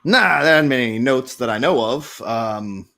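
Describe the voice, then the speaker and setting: A man's voice: mid-range voice, animated, normal speed, creaky, sharp tone. A man playing a rambling, conspiratorial newspaper reporter as game master in a tabletop role-play. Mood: confiding. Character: gossipy middle-aged male small-town newspaper reporter.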